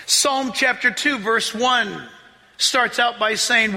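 A man preaching a sermon as a pastor, excitable, often laughing and rising to shouts as he reads scripture. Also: very high-pitched, slow pace, vocal fry, in a large hall.

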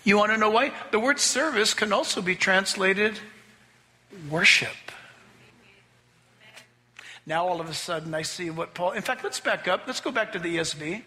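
A man's voice: sits high, animated, brisk, sharp tone, in a large hall. A male pastor preaching an emphatic sermon and reading scripture aloud. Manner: emphatic preaching, spells out key words, acts out quoted voices.

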